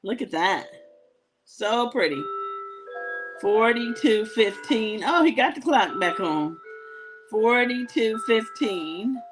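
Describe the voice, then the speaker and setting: A woman's voice: a little high, lively intonation, slow pace, long pauses, over music, low-quality recording. A middle-aged woman hosting a live jewelry sales show, talking in a chatty, colloquial way and telling stories with frequent laughter. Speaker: shopping show host.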